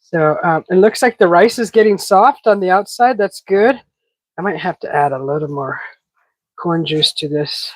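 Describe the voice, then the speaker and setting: A woman's voice: fairly low pitch, normal speed, no room sound, poor audio. A woman hosting a casual live cooking stream, sniffling from a stuffy head cold and chatting with viewers as she cooks. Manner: chatty, reads viewer comments aloud while cooking. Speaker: cooking livestream host.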